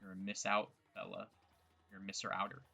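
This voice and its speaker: Gravelly man rambling over game music. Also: sits low, monotone, a little fast, sharp tone. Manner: rambling, joking, self-mocking asides. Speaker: gameplay streamer. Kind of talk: casual gameplay commentary.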